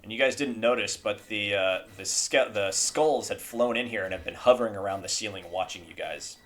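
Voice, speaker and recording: A man's voice: lowish voice, brisk, a bit bright. A man running a tabletop game as game master, talking casually and rattling through rules text.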